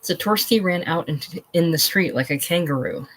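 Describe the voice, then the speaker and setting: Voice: mid-range voice, moderate pace, fairly bright tone, slight background noise, natural voice, poor audio. A reader doing a curt old man. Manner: curt, matter-of-fact.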